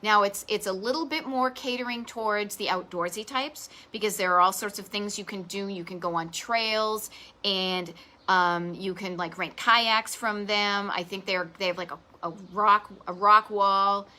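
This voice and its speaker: Bright-voiced chatty woman with a Boston accent. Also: medium pitch, normal speed. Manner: chatty and enthusiastic, self-deprecating asides. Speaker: host of a live vintage travel show. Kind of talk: casual live-stream chat. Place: home garage office.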